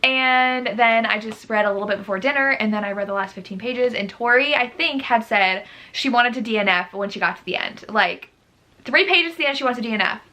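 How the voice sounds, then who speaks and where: A young woman talking casually in a book vlog, animated and exasperated as she gushes and rants about a read. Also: fairly high pitch, fairly quick. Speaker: book vlogger.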